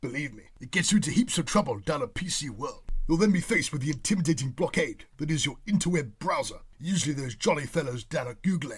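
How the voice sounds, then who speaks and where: A man's voice: a little high, expressive, fast talker, hardly any pauses, husky. A man putting on a pompous, bumbling posh English politician with plummy, old-fashioned phrasing for a comedy sketch.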